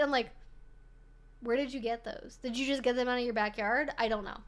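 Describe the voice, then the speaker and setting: High-voiced chatty woman streamer. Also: fairly bright tone. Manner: rambling, swears freely, heavy use of "like". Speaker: streamer host. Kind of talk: casual livestream chat.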